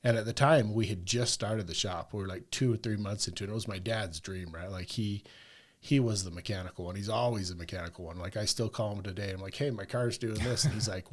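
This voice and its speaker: A man with a fairly low voice tells a long personal story on a podcast. He rambles conversationally and keeps checking in with the listener with "right?" and "like." The delivery is casual and unpolished. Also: a little fast. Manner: rambling, peppers talk with "like" and "right?". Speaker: podcast guest.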